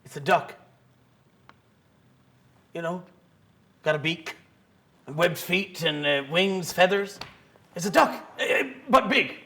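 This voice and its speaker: A man's voice: sits high, sharp tone, full character voice. Young man playing a rambling fisherman. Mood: excited. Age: young adult. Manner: hesitant, full of fillers, chuckling, quick to get worked up. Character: rambling excitable male fisherman. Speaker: interviewee. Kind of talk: student comedy news skit.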